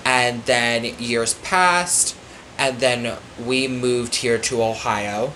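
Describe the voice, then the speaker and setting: A man's voice: mid-range voice, drawn-out words, sharp tone, slight background noise, rough recording. Rambling man telling a story. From Florida. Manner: rambling storyteller, many fillers and restarts. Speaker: podcast guest, psychic medium. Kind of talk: casual chat.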